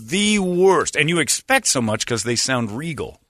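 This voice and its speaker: An American man in his forties hosts a casual radio talk show in a medium-pitched voice at a moderate pace. He tells stories in a lively way and often slips into imitations of accents and other voices.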